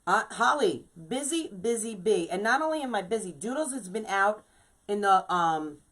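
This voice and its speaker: A woman's voice: medium pitch, expressive, moderate pace, fairly bright tone, poor audio. A woman with a New York accent hosting a casual live craft tutorial, chatting with viewers and dotting her talk with "you know". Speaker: craft shop owner hosting a live wreath-making stream.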